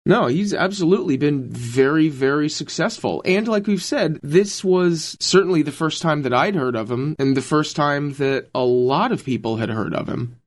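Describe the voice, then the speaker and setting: A man's voice: on the high side, moderate pace, few pauses. A man co-hosting a podcast in casual chat, with a dry, joking delivery. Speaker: podcast co-host.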